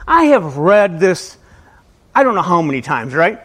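A man's voice: sits high, sing-song, a little slow, a bit bright. A male pastor giving a casual, conversational sermon to a small church, often stumbling on and repeating his words. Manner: conversational, self-deprecating, repeats words when starting sentences.

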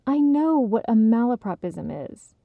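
Lady doing a touchy stubborn young woman, snappy, slow gravelly voice, dull dry sound. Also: fairly high pitch, sing-song, dry recording, pitched above the performer's own voice, heavily acted. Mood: defensive. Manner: snappy, defensive, scoffing.

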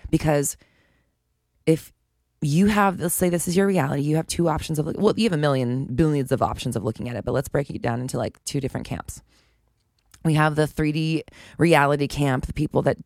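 A woman with a low, creaky, slightly mellow voice hosts a solo podcast, chatting frankly in a casual monologue. She swears now and then and laughs between points, recorded in a clean studio with no room sound.

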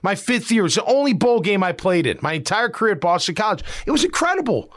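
Blunt high-voiced man talking football. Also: sing-song, fast, fairly bright tone, no room sound, clean studio sound. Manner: blunt, emphatic opinions. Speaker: sports talk host, former player. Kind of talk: casual sports talk.

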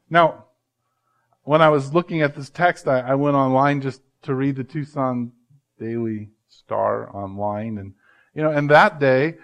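A man, a pastor, preaching a sermon with emphatic swings from loud to hushed and slowing down to stress words. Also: mid-range voice.

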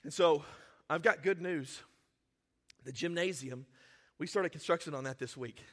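A male pastor preaching a sermon, emotional and self-deprecating, swinging from quiet confiding to near-shouting. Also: on the high side, moderate pace. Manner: self-deprecating, laughs at himself.

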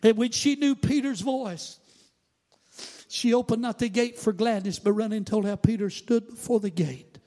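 Pastor, high-pitched man; sermon that swings between hushed asides and loud, chanting outbursts. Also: normal speed. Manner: swings from quiet asides to shouted, sing-song preaching.

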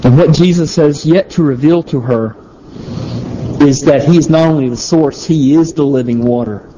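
A man preaching a sermon, teaching through a Bible passage in a conversational way, pausing and restarting phrases as he thinks aloud. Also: fairly high pitch, mellow, a little hiss or hum, rough recording.

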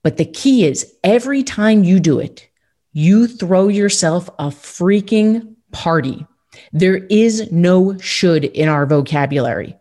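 A woman's voice: medium pitch, a little mellow. A woman hosting a motivational podcast, talking in an upbeat, emphatic coaching tone. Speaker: podcast host.

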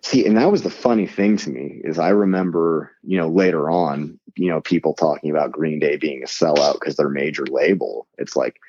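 A man's voice: a bass voice, normal speed, hardly any pauses, darkish tone, husky, dry recording, lo-fi sound. A man in casual conversation, thoughtful and hedging often with "I mean".

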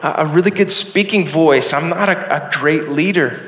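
A man's voice: a little high, moderate pace, a bit bright, pitched above the performer's own voice, lightly acted. A man voicing a humble shepherd who doubts himself, hesitant and pleading, raised above his usual tone. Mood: anxious. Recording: echoey hall with long reverb.

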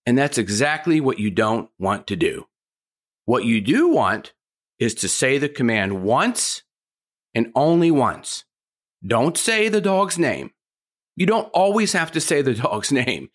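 A man leads a dog training lesson. He speaks firmly and plainly, at a mid pitch, and comes back to his key points again and again. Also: big pitch swings, unhurried. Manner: firm, plain-spoken, repeats key points. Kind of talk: instructional talk.

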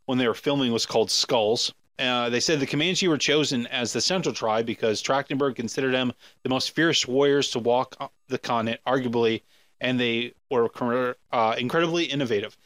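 A man's voice: medium pitch, moderate pace, fairly bright tone, dry recording. A man co-hosting a podcast, talking casually about a film in a rambling, jokey way full of fillers and restarts. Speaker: podcast co-host. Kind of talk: casual movie discussion.

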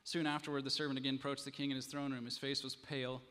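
Male pastor, mid-pitched voice, dramatic storyteller, long echo in the church hall. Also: little pitch movement, fast, fairly bright tone, clean tone. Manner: dramatic storytelling, then earnest preaching. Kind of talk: sermon.

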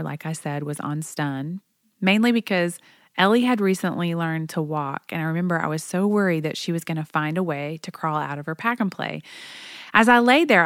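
Chatty mom in her 40s telling bus stories, low voice, dry close sound. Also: a bit bright, no room sound. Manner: chatty, anecdotal, laughs often. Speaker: storyteller, mother on tour. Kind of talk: personal storytelling monologue.

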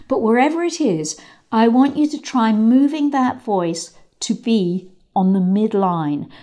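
Woman riding coach, calm guided visualisation, measured and paused. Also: medium pitch. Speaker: riding instructor.

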